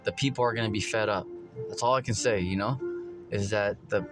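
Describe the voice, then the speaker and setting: A man's voice: fairly low pitch, fairly even intonation, a little fast, over music. A man giving an informal religious talk, rambling with many filler words and quoting scripture. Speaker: preacher.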